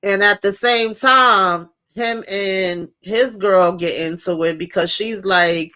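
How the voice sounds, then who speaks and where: A woman's voice: mid-range voice, slow, few pauses, bright, forceful tone. A woman co-hosting a casual movie discussion, retelling scenes and acting out the lines with laughs. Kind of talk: casual movie recap chat.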